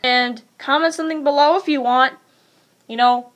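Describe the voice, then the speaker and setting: A woman's voice: high voice, steady tone, moderate pace, a bit bright. A woman chatting casually in a vlog tutorial, rambling and hesitant with lots of fillers. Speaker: vlogger.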